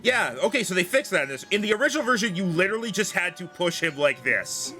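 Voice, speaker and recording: A man's voice: sits high, fast, faint music behind. A young man streaming a game, joking around and swearing in casual commentary. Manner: animated, joking, swears freely.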